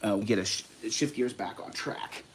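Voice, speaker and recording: A man hosting a livestream, reading out texts and commenting in a casual, profane, combative way that swings between loud outbursts and low mutters. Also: moderate pace, background noise. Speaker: livestream host.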